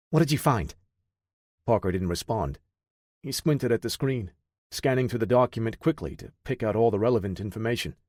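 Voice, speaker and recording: Brief: steady male audiobook narrator, low-pitched, dry studio sound. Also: dry recording.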